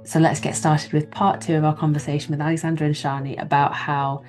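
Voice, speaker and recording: A woman with a notably low voice hosts a podcast. She reads the intro and asks her guests questions in a calm, measured way. Faint music sits underneath. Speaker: podcast host.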